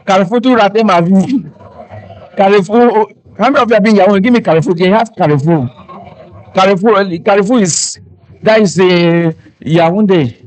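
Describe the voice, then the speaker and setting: High-voiced Cameroonian Pidgin joker. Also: male voice, normal speed, a little mellow, poor audio. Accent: Cameroonian Pidgin English. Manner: joking, breaks into snatches of hymns. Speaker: event entertainer and fundraiser. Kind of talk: live stand-up comedy.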